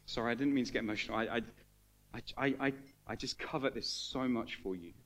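A man's voice: medium pitch, fast talker, a bit bright. Earnest, emotional male preacher. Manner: earnest, emotional, rising to fervent emphasis. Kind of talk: sermon. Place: church hall with congregation.

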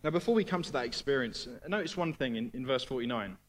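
A man's voice: mid-range voice, expressive, fast talker. A man preaching a conversational sermon as a missionary, earnest, often repeating his first words and asking the room tag questions. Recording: long reverb of a large hall.

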